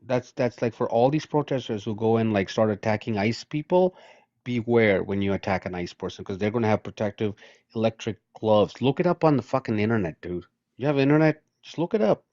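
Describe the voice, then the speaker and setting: A man's voice: on the low side, fairly quick, darkish tone, no room sound. Combative male caller on a dull line. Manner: combative, insistent, swears. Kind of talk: heated political call-in argument.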